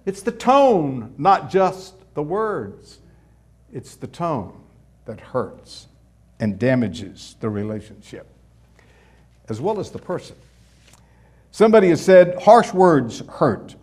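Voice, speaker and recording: A middle-aged male pastor preaching a sermon in a conversational way, asking rhetorical questions and dropping suddenly soft. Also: a little high, very animated, slow pace, pauses often.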